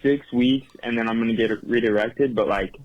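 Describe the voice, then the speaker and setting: A man's voice: mid-range voice, fairly even intonation, brisk, lo-fi sound. A man calling into a podcast with a casual, slangy voice message, sounding worried. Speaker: caller. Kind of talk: recorded voice message.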